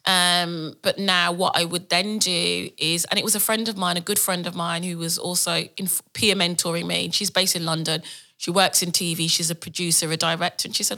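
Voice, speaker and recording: Woman, thirties, guest storyteller with a bright, fairly low voice. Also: moderate pace, gravelly. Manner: animated storytelling with laughs and acted quotes. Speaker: podcast guest, entrepreneur. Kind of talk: casual interview talk.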